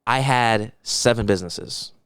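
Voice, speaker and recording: A man's voice: fairly low pitch, measured pace, a bit bright, clear, resonant tone, no echo, clean studio sound. A man playing a smug bragging money guru. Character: smug male financial advisor bragging.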